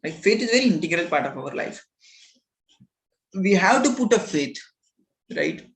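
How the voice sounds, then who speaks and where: A man's voice: high voice, big pitch swings, moderate pace, a bit bright, poor audio. A man teaching a scripture class, telling a parable earnestly and often checking in with his listeners with a rhetorical "right?". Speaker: spiritual teacher.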